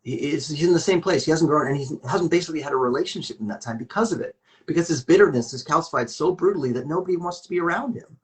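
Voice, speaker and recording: A man's voice: on the high side, fast, hardly any pauses. Earnest rambling man in conversation. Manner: earnest, rambling, many restarts and fillers. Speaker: interview guest. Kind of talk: candid conversational interview.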